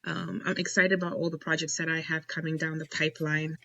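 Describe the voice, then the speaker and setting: A woman's voice: deep voice, little pitch movement, brisk, creaky, fairly bright tone, dry recording, muffled recording. A woman guest on a casual podcast interview, talking emphatically and with enthusiasm about blending whiskey. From United States.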